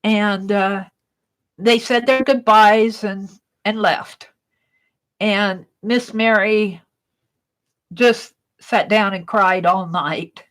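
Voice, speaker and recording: A woman's voice: mid-range voice, drawn-out words, pauses often, a bit bright, rough recording. A woman hosting an art livestream, chatting casually with her viewers and telling a story while she crafts, in a rambling, giggly way.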